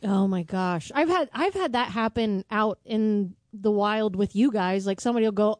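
Animated female radio co-host. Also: medium pitch, moderate pace, hardly any pauses, dry recording. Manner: animated storyteller, acts out quotes. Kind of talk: casual on-air banter.

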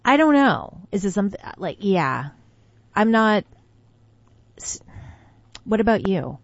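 A woman's voice: medium pitch, very animated, takes it slowly, no echo, highs cut off. A woman co-hosting a morning radio show, chatting casually and often trailing off mid-sentence. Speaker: radio co-host.

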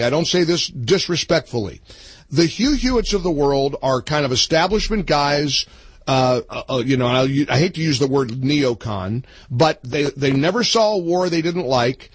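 A man's voice: on the high side, husky, no room sound, poor audio. A man hosting a political talk radio show. He interviews a guest in a chatty, teasing way, often stopping and restarting his sentences.

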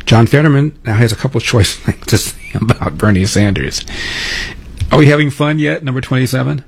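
A man's voice: medium pitch, fairly quick, gravelly, slightly rough. A man hosting political talk radio, introducing numbered clips with a sarcastic edge. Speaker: radio talk show host.

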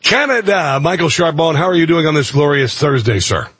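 A man's voice: a little high, expressive, a little fast, fairly bright tone, husky, no echo. A man hosting a talk radio show, bantering in a rambling, joking, self-mocking way.

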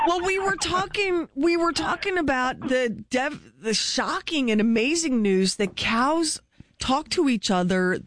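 A woman's voice: sits high, animated, measured pace, a bit bright. Conversational woman radio host. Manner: conversational, prompting questions. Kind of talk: morning radio banter.

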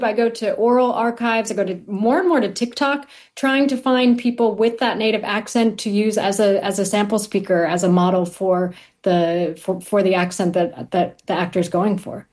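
A woman working as a dialect coach, answering interview questions clearly and with assurance. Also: on the high side, fairly even intonation, moderate pace, hardly any pauses, darkish tone.

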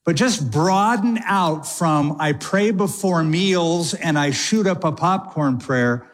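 Conversational man preaching a sermon. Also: on the high side. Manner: conversational preaching with quick asides and slowed emphasis. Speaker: pastor.

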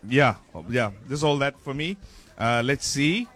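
A man's voice: medium pitch, animated, normal speed, fairly bright tone. A man hosting a live breakfast radio show, joking and chatting while he tastes food. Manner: jokey, playful, talking while tasting food. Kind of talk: live outdoor radio broadcast chat.

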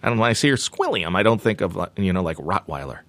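A man hosting a radio talk show, telling a story in a playful, animated way. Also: deep voice, fast, dry recording. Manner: animated, playful, does silly voices.

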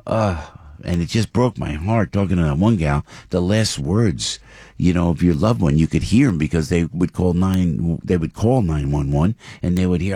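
Rambling man with a low, husky voice. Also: lively intonation, dark tone, no echo, clean studio sound. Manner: rambling, halting, with many fillers and restarts. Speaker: host. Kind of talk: casual talk show monologue.

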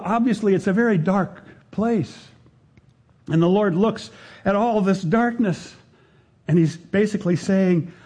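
A man preaching a sermon in an earnest, unhurried way, pausing often and dropping to a quiet voice for emphasis. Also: fairly high pitch, husky.

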